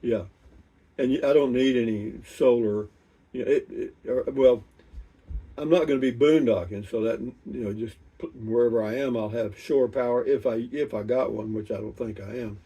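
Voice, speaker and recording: An older man, reading out viewer comments and chatting about them in an unhurried, rambling way with many restarts. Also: mid-range voice, dark tone, husky, far from the mic, lo-fi sound. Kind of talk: casual chat.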